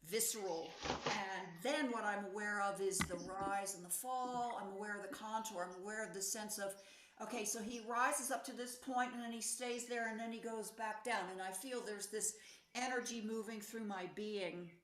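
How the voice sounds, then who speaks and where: A woman's voice: mid-range voice, fairly even intonation, normal speed, a bit bright, reverberant. A woman in her sixties, a pianist, giving a thoughtful talk, searching for words with fillers and restarts. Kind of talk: reflective lecture talk.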